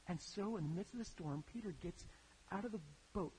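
A preacher telling stories in a sermon, in an animated, conversational way that builds to emphatic peaks. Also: mid-range voice, brisk, a little hiss or hum, low-quality recording. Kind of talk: sermon storytelling.

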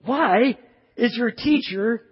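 A man's voice: very high voice, slow pace, breathy edge, big-room sound, lo-fi sound, voice pushed up, exaggerated voice. A pastor voicing sarcastic male Pharisees who mock a rival teacher. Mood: sneering. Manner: sarcastic, mocking.

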